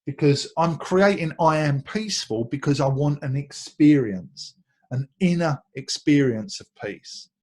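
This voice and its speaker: A man's voice: a little high, expressive, unhurried, a little mellow. A man with an Essex accent giving a light-hearted talk on meditation, often repeating words and laughing along the way. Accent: Essex English. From Essex, England. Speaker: meditation teacher.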